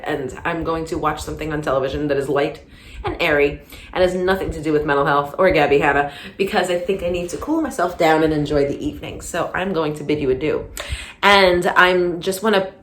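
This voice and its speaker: A woman's voice: low-pitched, fairly bright tone, echoey room. A woman talking through a casual commentary monologue, rambling with many restarts and getting heated. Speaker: commentary vlogger.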